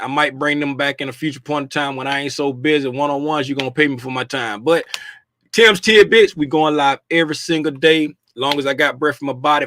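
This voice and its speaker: A man's voice: fairly high pitch, no room sound, clean studio sound. Folksy middle-aged man hosting a trading stream. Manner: playful, folksy, shouts out viewers by name. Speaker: livestream host, trading commentator. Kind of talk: casual livestream chat. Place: home room.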